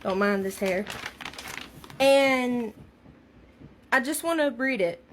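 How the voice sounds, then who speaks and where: Female vlogger, high pitch, unhurried, incredulous. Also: lively intonation, slight background noise. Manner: incredulous, reading slowly. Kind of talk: casual vlog reading a bill aloud.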